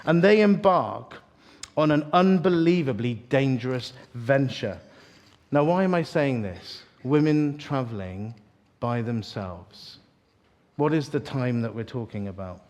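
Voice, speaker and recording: Joking preacher telling stories. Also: male voice, mid-range voice, measured pace. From East London. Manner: animated, joking storyteller with asides to the audience. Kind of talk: sermon.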